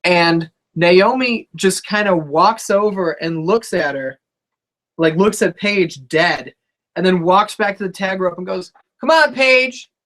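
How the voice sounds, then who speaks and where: A man co-hosting a casual wrestling talk show, animated, laughing often and acting out loud mock quotes. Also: high voice, measured pace. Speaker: wrestling podcast co-host. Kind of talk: casual chat.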